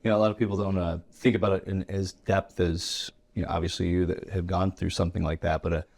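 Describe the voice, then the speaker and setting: Deep-voiced fast-talking man. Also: level tone, gravelly, a little mellow. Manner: chatty, uses analogies, playful. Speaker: co-host, instructor. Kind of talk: casual podcast chat.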